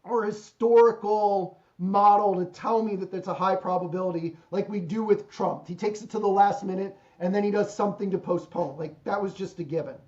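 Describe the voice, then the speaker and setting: A man's voice: high voice, steady tone, fairly quick, few pauses, darkish tone. A man hosting a podcast over a video call, chatting and joking about deals and markets. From Ohio, USA. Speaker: podcast host. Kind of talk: casual business chat. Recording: slightly dull lo-fi call audio.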